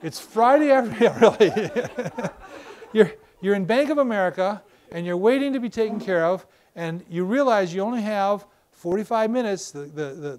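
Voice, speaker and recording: Older male lecturer, high voice, lively storyteller who acts out everyday examples. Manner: animated storytelling with acted-out examples. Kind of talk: professional lecture. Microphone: battery-powered wireless mic.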